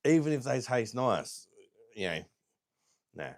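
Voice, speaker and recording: A man hosting a live stream, chatting casually and bluntly with viewers, crude and quick to laugh at his own jokes. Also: medium pitch, big pitch swings, no room sound. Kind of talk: casual live chat reading viewer comments.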